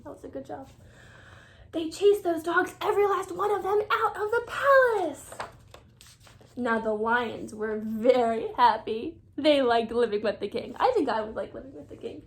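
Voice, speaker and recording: Woman reader for a children's picture book. Animated, high-pitched, whispers asides to the kids.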